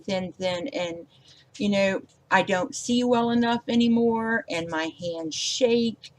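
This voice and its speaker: Folksy middle-aged woman, rambling craft voice-over. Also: mid-range voice. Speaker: card-making vlogger. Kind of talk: casual voice-over while coloring a card.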